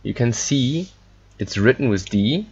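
A man teaching a German lesson in English, halting and full of fillers as he explains pronunciation. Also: medium pitch, lively intonation, a little mellow, husky. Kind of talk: online language lesson. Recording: dull lo-fi recording.

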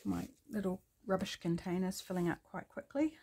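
Middle-aged nz lady chatting away while she does collage, lowish voice, lots of ums. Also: animated, normal speed, creaky, very noisy. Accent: New Zealand. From New Zealand. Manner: rambling, many ums, thinking aloud while working. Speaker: craft vlogger. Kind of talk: chatty craft tutorial. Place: home craft desk.

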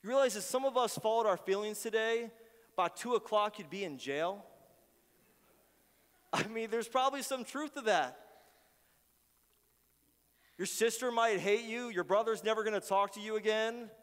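High-voiced preaching pastor in a reverberant hall. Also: male voice, moderate pace, pauses often, clean tone. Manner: earnest, shifts between quiet prayers and loud pleading. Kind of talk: sermon. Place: church sanctuary.

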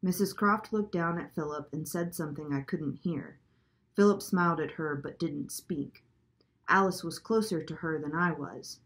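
A woman reading a children's chapter book aloud at a clear, steady pace. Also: low voice, normal speed. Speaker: storybook reader.

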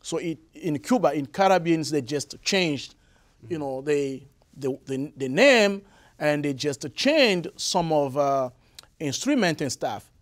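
A young man from the Republic of the Congo with a Congolese French accent, answering interview questions in halting English with many restarts. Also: on the high side, expressive. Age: young adult. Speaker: guest musician.

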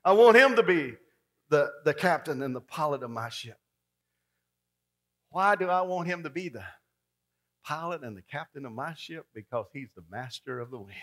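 A man preaching a folksy, dramatic sermon that swings from loud to hushed. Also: a little high, animated, moderate pace, long pauses.

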